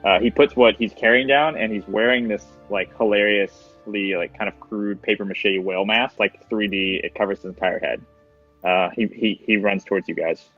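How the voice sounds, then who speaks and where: Very low-voiced guy running a tabletop game, rambling, dull lo-fi audio with faint music. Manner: rambling, full of restarts and fillers. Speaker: game master.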